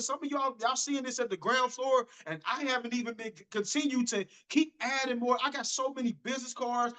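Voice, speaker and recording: A man's voice: very high voice, sharp tone, rough recording. A man giving a motivational business talk to a group, emphatic and repetitive, often restarting his phrases.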